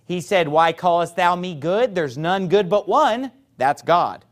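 Preacher, male, slightly high-pitched, lively sermon delivery, reads King James scripture aloud. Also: a little slow. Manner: animated, acts out opponents' voices.

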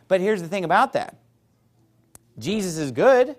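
Preacher, male, slightly high-pitched, lively sermon delivery, reads King James scripture aloud. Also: moderate pace. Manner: animated, acts out opponents' voices.

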